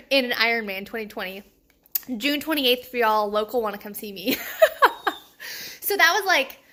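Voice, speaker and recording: A young woman chatting casually to camera in a personal vlog, excitable and quick to laugh, with lots of fillers. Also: fairly high pitch. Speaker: vlogger.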